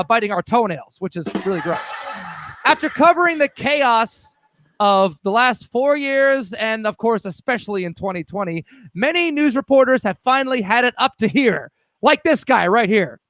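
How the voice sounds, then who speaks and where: A man's voice: very high-pitched, fairly bright tone. A man hosting a podcast, telling topical jokes with chuckles and mock voices. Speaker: podcast host. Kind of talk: joking comedy segment.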